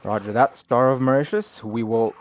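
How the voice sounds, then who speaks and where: A man voicing a calm male port radio operator who talks in slow, measured radio procedure. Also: mid-range voice, natural voice.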